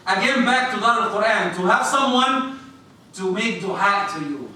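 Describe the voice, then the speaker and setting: A man preaching a sermon in a mosque, animated, acting out little scenes and putting questions to his listeners. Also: sits high, normal speed, slight background noise. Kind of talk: sermon to a congregation. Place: mosque prayer hall. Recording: echoey hall, distant mic.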